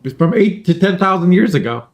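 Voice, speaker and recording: A man with a somewhat high voice gives loose, joking commentary on a card game tournament. He rambles between plays and often clears his throat. He speaks close into a headset mic. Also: lively intonation, a little fast, dull audio. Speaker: tournament caster. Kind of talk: casual live game commentary.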